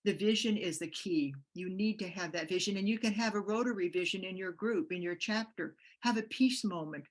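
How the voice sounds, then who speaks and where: A woman's voice: medium pitch, brisk, few pauses. An older woman giving a motivational speech, telling stories with passion and acting out the voices of the people in them. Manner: passionate storytelling, acts out quoted voices. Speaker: guest speaker on peace.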